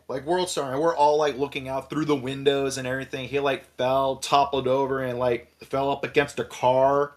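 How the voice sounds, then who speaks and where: Animated man telling a wild story. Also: mid-range voice, moderate pace, few pauses. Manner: animated, profane, acts out voices in quotes. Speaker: podcast host. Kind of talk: casual storytelling chat.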